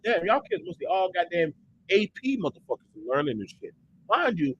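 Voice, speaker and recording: Male host, parent, heated rant; bright, lively, swears and shouts. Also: high voice, poor audio. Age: adult parent. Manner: profane, emphatic, repeats himself; swings into a shout when worked up.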